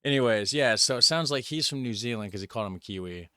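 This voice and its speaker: An American man hosting a reaction video, talking casually and rambling, often trailing off quietly. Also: medium pitch, expressive, fast talker, a crowd in the background. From United States. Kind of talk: casual commentary.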